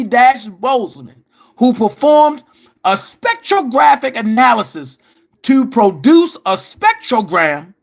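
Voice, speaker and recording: Male commentator, high and animated, confrontational vlog rant. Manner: confrontational, addresses his target directly, reads out article passages.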